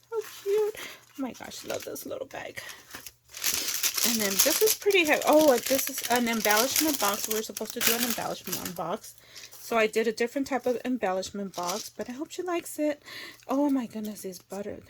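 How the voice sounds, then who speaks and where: Indoors, a woman who runs a crafting channel unpacks her craft mail, addressing viewers directly and frequently exclaiming with delight at each item in a relaxed unboxing chat. Her voice is slightly high, with a little hiss or hum in the audio.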